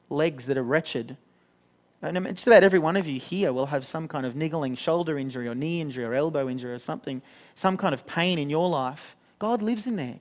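A young man giving a sermon in an earnest, conversational way, often restarting his sentences. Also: fairly high pitch. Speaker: pastor.

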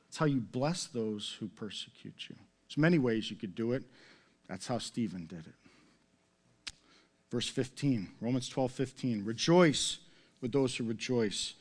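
A man's voice: medium pitch, animated, a little slow, long pauses. A middle-aged man preaching a sermon as pastor, conversational and full of rhetorical questions and self-mocking humor.

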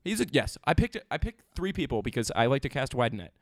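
A man co-hosting a comedy podcast, chatting in an excitable, teasing, rambling way. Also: medium pitch, fast talker, no echo, clean studio sound. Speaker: podcast co-host. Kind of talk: casual comedic chat.

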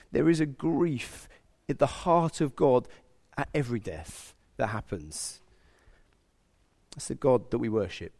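A man preaching a sermon, animated and sometimes speaking God's thoughts aloud. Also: fairly high pitch, gravelly. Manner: animated, acts out God's inner voice.

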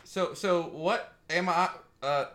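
A man's voice: high-pitched, takes it slowly, bright, forceful tone. A man playing a tabletop role-playing game, talking casually and hesitantly, often correcting himself. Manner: hesitant, rambling, self-correcting. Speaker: player.

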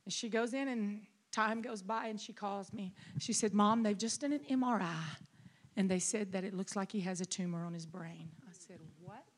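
A middle-aged woman pastor preaching a sermon, telling a personal story with rising emotion and shouting. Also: mid-range voice, moderate pace, a little hiss or hum. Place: conference hall.

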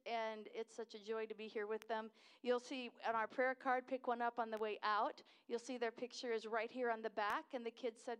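A woman's voice: fairly high pitch, clear, resonant tone. An American woman in her fifties gives a chatty, enthusiastic missionary talk at a church service, wandering off track and laughing at herself.

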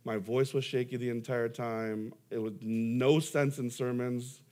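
A man's voice: medium pitch, steady tone, unhurried, a little mellow. A young adult man, a pastor preaching a sermon, telling stories with self-deprecating humor and emphatic rises.

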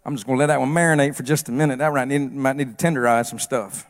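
A male preacher giving a humorous sermon on a church stage that builds into shouted preaching. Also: mid-range voice, fairly even intonation, fast, long reverb tail.

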